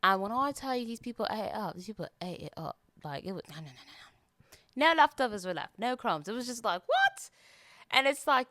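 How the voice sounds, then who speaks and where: A woman's voice: fairly high pitch, bright, forceful tone, smooth, dry recording. A young American woman hosting a solo podcast, chatting casually in a put-on British accent and rambling with lots of fillers. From United States. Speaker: podcast host.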